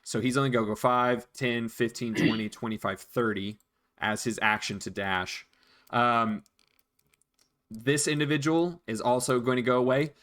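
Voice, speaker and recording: A man's voice: medium pitch, normal speed, a bit bright. Man, dungeon master, patient rule explainer, counts moves aloud, casual game talk. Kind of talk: narrating a tabletop game.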